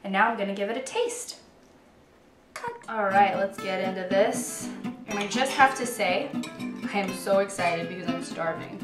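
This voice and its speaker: At normal speed and medium pitch, a home cook in her twenties chats cheerfully through a cooking demonstration in her kitchen, making jokes at her own expense. The audio is captured from a distance in a roomy space, with faint guitar music.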